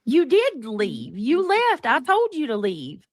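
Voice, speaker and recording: A woman's voice: high voice, wildly swooping pitch, takes it slowly, dry recording, clean studio sound. A woman hosting a live-stream chat, talking in an indignant, profane way and repeatedly demanding answers. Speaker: livestream host.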